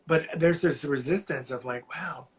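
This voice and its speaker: A man calling in to a live reading, sharing something painful in a halting, heartfelt way while close to tears. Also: fairly high pitch, poor audio. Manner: halting, heartfelt, slow, often restarting phrases. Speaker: caller on a live psychic reading. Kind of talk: emotional personal sharing.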